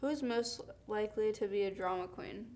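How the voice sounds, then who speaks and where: A woman's voice: mid-range voice, moderate pace, crowd noise. A young woman chatting with friends, asking quiz questions and teasing them bluntly. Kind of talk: casual chat.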